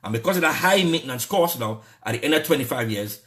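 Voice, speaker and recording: A man's voice: medium pitch, lively intonation, fast talker, a bit bright. Angry Trinidadian man ranting. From Trinidad and Tobago. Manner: heated, repetitive, indignant. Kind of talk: angry political rant.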